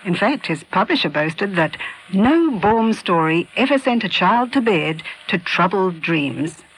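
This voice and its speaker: A narrator reading a scripted feature in a smooth, informative way. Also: mid-range voice, big pitch swings, a little slow, a bit bright, low-quality recording.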